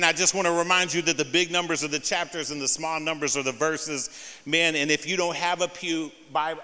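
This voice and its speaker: A man preaching a sermon as pastor of a church. He drops in "man" often, repeats his key lines, and climbs in pitch and volume when he preaches hard. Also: bright, forceful tone, big-room sound. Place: church sanctuary.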